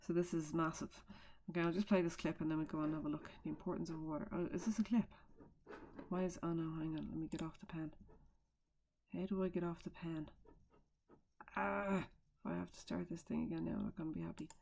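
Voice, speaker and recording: A woman with a low voice and a gravelly fry running through it teaches a recorded lesson from home. She talks into a computer mic in a chatty way, explaining with fillers and side remarks. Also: flat delivery, fast, a little mellow.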